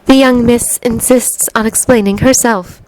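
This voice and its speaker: A woman's voice: fairly high pitch, fairly even intonation, measured pace, a little mellow, close to an everyday voice, rough recording. A woman voicing a composed, formal household maid. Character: calm, formal middle-aged female maid.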